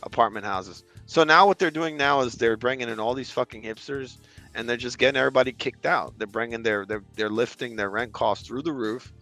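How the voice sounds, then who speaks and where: A man's voice: mid-range voice, a little fast, pushed and bright, soft background music. A man from Brooklyn talking as a podcast guest in casual chat, blunt and profane, in long run-on stretches. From Brooklyn, New York.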